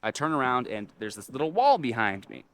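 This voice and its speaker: A young man rants through a storytime vlog, cursing freely and getting worked up as he talks. His voice sits in an ordinary middle pitch. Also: fairly quick. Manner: animated, swearing, frustrated ranting. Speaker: vlogger.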